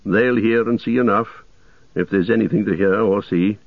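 A stern old wizard speaks with firm command in a low, dry voice, as a male narrator reads him. The storybook recording is dull and lo-fi. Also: normal speed, creaky, no echo. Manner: commanding, loud when calling out.

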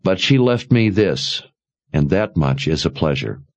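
Audiobook: male narrator as a measured, ironic widower, low and slow. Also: expressive, heavily acted. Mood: calm. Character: grieving older husband, calm and quietly smug. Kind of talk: audiobook character voice.

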